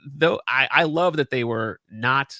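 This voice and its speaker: A man in casual chat who talks quickly and stumbles, repeating words as he tells a story. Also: mid-range voice, pushed and bright, no echo.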